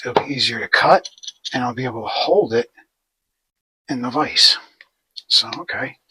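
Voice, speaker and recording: A man with a medium-pitched voice at normal speed, pushed and bright with a breathy edge, hosts a casual DIY video with no room sound. Working in his home garage, he narrates what he's doing in a rambling, self-deprecating way.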